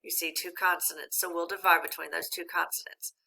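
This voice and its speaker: A woman teacher giving a recorded reading lesson, speaking slowly and clearly and encouraging young learners. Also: on the low side, level tone, sharp tone.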